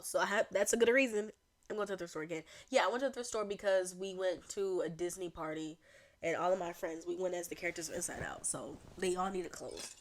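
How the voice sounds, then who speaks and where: A young woman hosting a solo podcast, talking in a chatty, rambling way with animated asides. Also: on the low side. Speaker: podcast host. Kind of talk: casual solo chat.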